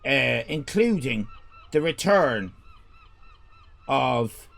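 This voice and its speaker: A middle-aged Irish man hosting a comedy stream in a loud, rambling way, swearing and stumbling over his words. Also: mid-range voice, big pitch swings, extremely slow, creaky. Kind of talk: comic character stream chat.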